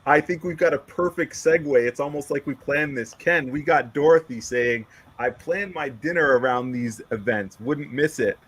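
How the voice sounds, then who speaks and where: A man's voice: mid-range voice, normal speed, few pauses, a bit bright, husky. A man co-hosting a live stream, reading viewer comments aloud in an upbeat, casual way. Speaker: stream co-host reading chat. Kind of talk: casual chat.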